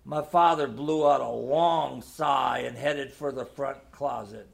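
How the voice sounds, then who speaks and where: A man reading a nostalgic holiday story aloud in a gentle storytelling manner. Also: mid-range voice, slow pace, vocal fry, hardly any pauses. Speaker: narrator.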